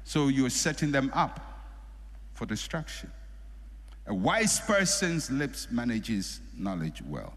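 A middle-aged man preaching a sermon as a pastor, animated, acting out the people he quotes. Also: mid-range voice, slow. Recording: long hall reverb.

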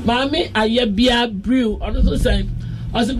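A Ghanaian woman hosts a casual radio show from a studio, mixing Twi and English as she reads listener messages aloud and laughs playfully. Her voice sits on the high side at a slow pace.

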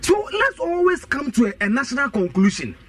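Recorded from a distance, this radio talk show guest argues politics briskly in a very high, fairly bright voice with a lot of animation. He has a Ghanaian accent, shifts between Twi and English, and drives his points home emphatically through repetition.

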